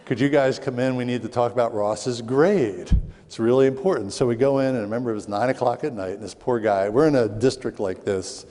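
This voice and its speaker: A man's voice: mid-range voice, brisk. Middle-aged man telling stories in a hall. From Southwest Philadelphia. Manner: lively storytelling that acts out voices in quotes. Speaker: speaker on parenting. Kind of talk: storytelling talk to an audience. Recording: long hall reverb.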